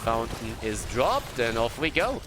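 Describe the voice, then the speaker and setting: A man casting a video game match by himself, excited at big plays and calm between them. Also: medium pitch, measured pace, background noise. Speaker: esports caster. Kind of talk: solo play-by-play commentary.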